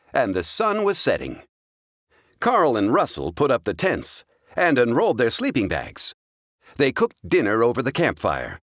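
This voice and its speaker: A man reading a children's storybook aloud with clear, expressive storytelling. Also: mid-range voice, no room sound, studio quality. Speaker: storybook reader.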